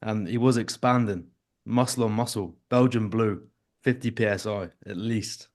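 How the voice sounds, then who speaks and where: A man's voice: fairly low pitch, moderate pace, darkish tone. A man who works as an online fitness coach, chatting casually on a podcast with self-deprecating humor. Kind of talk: casual chat.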